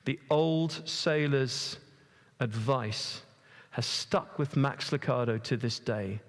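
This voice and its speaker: Storytelling preacher in a reverberant church. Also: male voice, medium pitch, slow pace. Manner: storytelling, asks the congregation questions; stumbles and repeats words. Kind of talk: conversational sermon.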